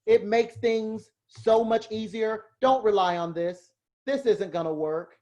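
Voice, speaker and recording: A man giving a casual lecture to a live class on heraldry, chatty and self-deprecating, quick to laugh at himself. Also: high voice, steady tone, a little mellow, dull audio.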